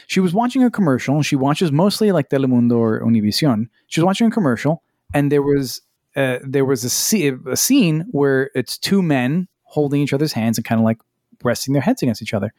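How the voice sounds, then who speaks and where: With an expressive, slightly mellow mid-range voice and a brisk pace, a man co-hosting a podcast chats casually and tells stories. He acts out quotes and swears casually, all on a dry, studio-quality recording.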